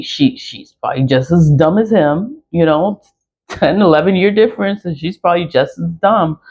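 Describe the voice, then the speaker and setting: The recording is dull and lo-fi. On it, a woman in her forties who sells spiritual products rants casually and bluntly about her own experience, swearing and laughing frequently in a low, somewhat mellow voice.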